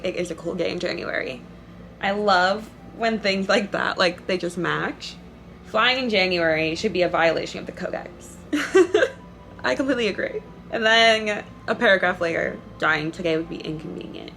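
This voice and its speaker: A woman's voice: mid-range voice, vocal fry, a bit bright, slight background noise. A tired, jittery young woman chatting and giggling while reading aloud on a casual book vlog. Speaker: book vlogger.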